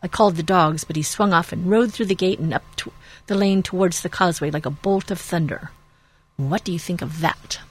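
A woman reading aloud as a gruff, stubborn old male hobbit farmer who tells his tale with slow, folksy relish. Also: on the low side.

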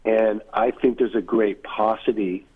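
A man's voice: on the low side, fairly even intonation, unhurried, slightly rough. A man being interviewed about his book, speaking in a reflective, musing way with many asides over a remote line. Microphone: remote line from far away. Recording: tinny phone-like line.

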